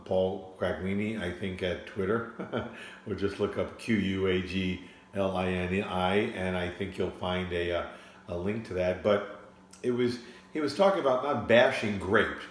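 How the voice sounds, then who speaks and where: A low-voiced man speaks casually to his viewers about wine and keeps circling back on his words. His voice bounces around an echoey home studio. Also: a little slow, a little hiss or hum. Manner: rambling, with frequent restarts. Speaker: sommelier and wine vlogger. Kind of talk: casual explainer talk to camera.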